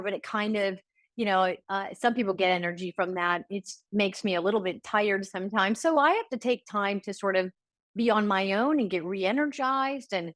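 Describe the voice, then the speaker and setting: A middle-aged woman speaking as a guest in an interview, talking earnestly and haltingly with many fillers. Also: fairly high pitch, a bit bright, dry recording. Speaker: guest, recovery advocate. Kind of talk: conversational interview.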